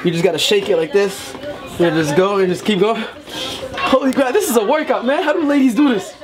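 A young man vlogging casually at a family party, joking and talking excitedly to the camera. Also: sits high, fairly quick. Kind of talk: casual vlog chat. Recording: busy room with crowd noise. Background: crowd chatter.

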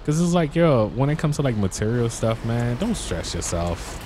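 A young man telling stories in a casual, slangy way while commenting on his gameplay, getting excited as he talks. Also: medium pitch, moderate pace, background noise. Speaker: gaming YouTuber.

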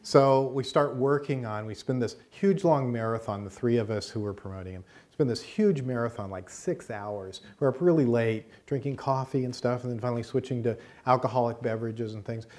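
A middle-aged American man teaching a class through a long personal anecdote. His voice sits at an ordinary pitch for a man. He tells the story in a lively way and acts out the voices of the people in it. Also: brisk, few pauses. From United States. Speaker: course teacher.

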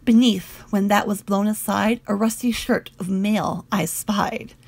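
A woman's voice: mid-range voice, fairly even intonation, a little slow, husky, dry recording. A woman reading an earnest young squire. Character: young male squire, eager to report.

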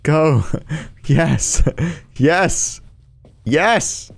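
A man's voice: on the high side, animated, very slow, vocal fry. A man giving casual gameplay commentary with exaggerated reactions, sarcasm and swearing. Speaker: gaming channel host.

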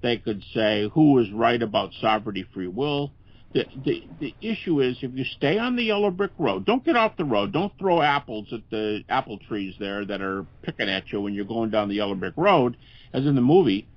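A man's voice: mid-range voice, expressive, moderate pace. An older man, a guest scholar in a podcast interview, speaking earnestly and conversationally with frequent restarts. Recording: dull, lo-fi podcast audio.

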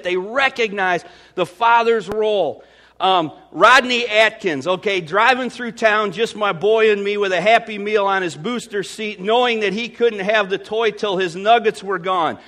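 A Midwestern American man preaching a sermon as pastor, swinging from loud to hushed. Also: high-pitched, a little slow.

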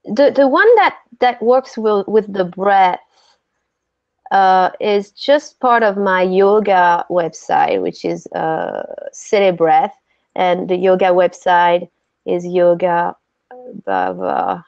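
A woman's voice: fairly low pitch, very animated, slow, creaky, darkish tone, no echo, muffled recording. A woman with a French accent, a guest being interviewed about breathwork, talking earnestly and often restarting her sentences. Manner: earnest, gropes for words with many restarts. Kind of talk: interview conversation.

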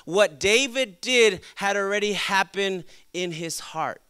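A man preaching a sermon to young people as their pastor, lively and acting out quoted voices. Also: high voice, slow, clean tone, no room sound. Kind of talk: youth sermon.

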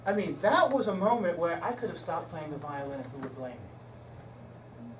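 A man's voice: on the high side, moderate pace. Man telling a story in an echoey hall. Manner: animated, shifts between loud excitement and hushed emotion. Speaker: guest speaker and musician. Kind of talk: storytelling lecture. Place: lecture hall. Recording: echoey hall from far off, noisy.

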